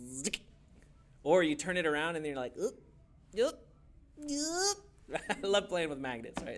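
A man teaching a church youth class in a playful, animated way, often laughing and acting out quick voices. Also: medium pitch, a little hiss or hum. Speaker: youth pastor.

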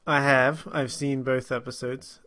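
A man's voice: medium pitch, level tone, measured pace, sharp tone. A man co-hosting a podcast, chatting casually about movies, chuckling and trailing off as he talks. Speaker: podcast co-host.

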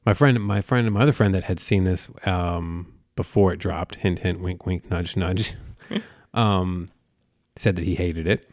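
A man in his thirties co-hosting a casual chat, profane and animated as he tells stories. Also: low voice, measured pace.

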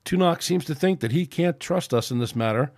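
A man voicing a calm, decisive starship captain in his own story reading, speaking in a steady, commanding way. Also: a little high, fairly quick, pitched above the performer's own voice.

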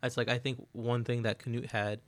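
A man talking in a casual podcast chat, emphatic and animated, who keeps checking in with "right?". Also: mid-range voice, fairly quick. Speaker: podcast host.

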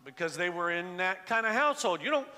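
A man's voice: high voice, animated, fairly quick, bright, forceful tone, in a large hall. An older man preaching a sermon in a church sanctuary, talking with the congregation, asking them to raise their hands and often restarting his sentences. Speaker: pastor.

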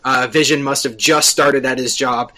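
A man co-hosting a podcast, recapping a TV episode at length in casual chat, often pausing on filler sounds. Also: mid-range voice, fairly even intonation, pushed and bright, poor audio. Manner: explains at length with frequent uh fillers. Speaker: podcast co-host.

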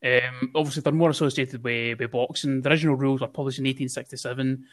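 A man's voice: medium pitch, fairly even intonation, fast talker. A man co-hosting a casual podcast chat, swearing freely and laughing at his own jokes. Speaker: podcast co-host.

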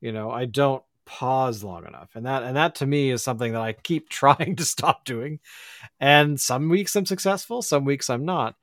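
A man's voice: medium pitch, expressive, moderate pace, fairly bright tone, dry recording, clean studio sound. A man hosting a podcast, talking in a rambling, reflective way full of fillers. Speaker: podcast host. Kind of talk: casual chat.

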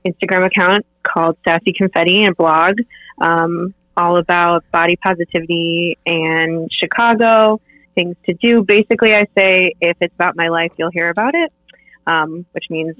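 A woman's voice: on the low side, fairly even intonation, normal speed, no room sound. A woman chatting as a podcast guest, chatty with many fillers, over muffled remote call audio. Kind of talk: casual chat.

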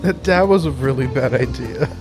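A man's voice: medium pitch, moderate pace, music in the background. A young man co-hosting a podcast, talking bluntly and swearing a lot. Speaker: podcast co-host. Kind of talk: casual podcast banter.

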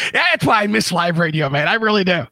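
A man's voice: high-pitched, sharp tone, no echo. A man hosting a casual show from his home studio, sarcastic and playful, often laughing at callers. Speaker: host. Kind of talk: casual online talk show. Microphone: studio mic.

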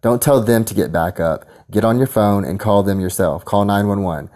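A man's voice: fairly low pitch, moderate pace, a little mellow. A man ranting angrily and crudely, piling up combative insults. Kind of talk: angry profane rant.

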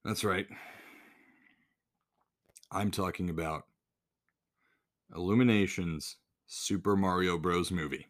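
A podcast host rants alone in a casual, blunt way, swearing constantly and sounding exasperated. His voice is deep and slow, with long pauses.

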